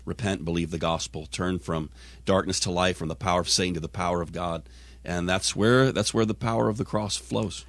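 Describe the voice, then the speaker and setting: A man's voice: low-pitched, steady tone, a little fast, no echo. A man appearing as a guest evangelist, talking fervently and listing the basics of his message. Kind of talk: preaching in conversation.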